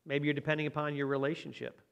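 A man's voice: on the high side, completely flat delivery, quick pace, gravelly, fairly bright tone, clear, resonant tone, highs cut off. A man preaching a conversational sermon, often asking rhetorical tag questions.

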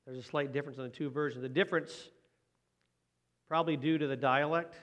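A man's voice: fairly high pitch, fairly even intonation, a little fast, fairly bright tone. A man preaching a sermon in a conversational way, often asking his listeners questions. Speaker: pastor.

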